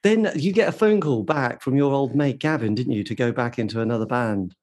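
A man's voice: medium pitch, a little fast, darkish tone. A man hosting a casual interview, asking hesitant, conversational questions. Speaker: podcast host.

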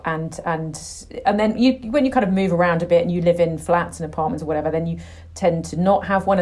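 A middle-aged woman chatting as a podcast guest, an animated storyteller. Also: fairly low pitch. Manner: chatty, animated storyteller, acts out her dogs' voices. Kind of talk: casual chat.

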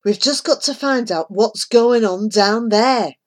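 A woman's voice: a little high, measured pace, voice pushed up, natural voice. A woman voicing an eager, determined boy who speaks urgently. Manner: urgent, excited.

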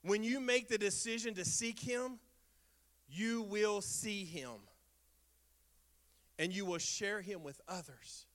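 A male pastor preaching a sermon in a church. He repeats his refrains with emphasis and swings between loud bursts and soft, low lines. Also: slow pace, long pauses.

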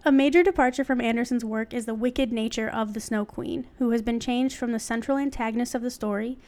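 A woman's voice: fairly high pitch, fairly even intonation, fairly quick, a little mellow. Playful young woman reading aloud. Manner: reads an article aloud with joking asides and frequent laughs. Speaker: podcast co-host. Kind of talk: casual podcast chat, reading aloud.

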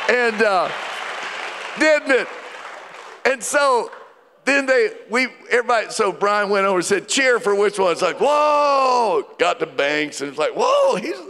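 A man with a notably high voice preaches a sermon, spinning a funny story with growing excitement. His voice rings out with a long hall reverb from a large church auditorium. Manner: storytelling with rising excitement and joking asides. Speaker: pastor.

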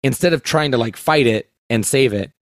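Halting, rambling male podcast storyteller. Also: mid-range voice, no echo. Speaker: podcast co-host. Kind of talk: casual chat.

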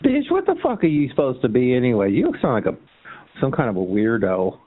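A man's voice: huge pitch swings, brisk. Taunting man on a tinny phone line. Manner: taunting, mocking, swinging into a shrill sneer. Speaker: chat line caller. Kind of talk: heated phone argument.

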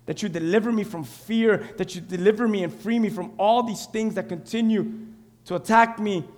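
High-voiced preaching pastor, man. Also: normal speed. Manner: preaching with rising shouts and calls for amen. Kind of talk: sermon. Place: church sanctuary. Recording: hall reverb.

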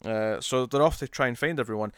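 A man's voice: mid-range voice, fast talker, fairly bright tone, clear, resonant tone, no echo, studio quality. A man co-hosting a casual comic book review podcast, talking with enthusiasm and acting out characters' lines as he retells scenes. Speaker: podcast co-host.

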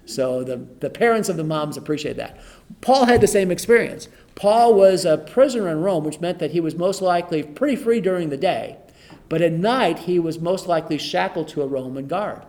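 A middle-aged pastor teaching an informal Bible study has a fairly high, darkish voice with lively intonation at a normal speed. He reads scripture aloud and discusses it in a conversational manner, repeating phrases often.

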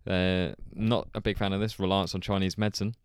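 A man's voice: sits low, level tone, fairly quick, clear, resonant tone, no echo, studio quality. A man, co-hosting a podcast, reading out facts with wry comebacks. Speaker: podcast co-host. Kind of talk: casual chat.

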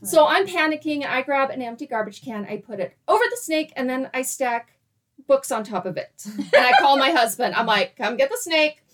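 A woman in her thirties, animated, laughing often as she tells a story in casual chat and acts out her own quoted lines. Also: high voice, moderate pace. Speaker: guest storyteller.

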